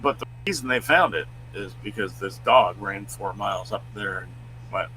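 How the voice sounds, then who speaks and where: A man co-hosting a live stream, chatting casually and reading out news stories in a loud, booming voice. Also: moderate pace, slight background noise, poor audio. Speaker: co-host.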